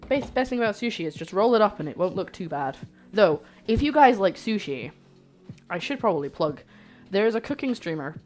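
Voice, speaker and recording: A woman who lives in Scotland chats and jokes with her livestream audience while cooking, often at her own expense. Her medium-pitched voice swings widely in pitch, runs a little fast and a little mellow, with soft background music.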